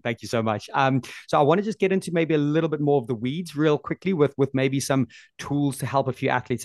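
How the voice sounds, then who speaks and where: A man's voice: mid-range voice, no room sound, clean studio sound. A man hosting a casual interview, chatty, laughing easily and stumbling over his words as he asks questions. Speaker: podcast host.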